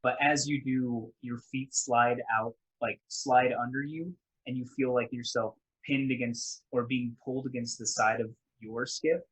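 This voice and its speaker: A man's voice: medium pitch, flat delivery, measured pace, few pauses, husky, low-quality recording. A man narrating a tabletop game as game master, in a loose, casual way with lots of restarts.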